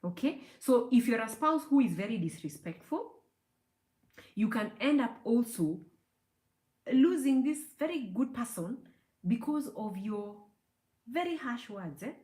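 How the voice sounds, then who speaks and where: A woman's voice: fairly high pitch, expressive, measured pace, long pauses, dark tone. A middle-aged woman counseling psychologist giving an emphatic teaching talk, dotted with "you know" and "okay?" asides. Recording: echoey room.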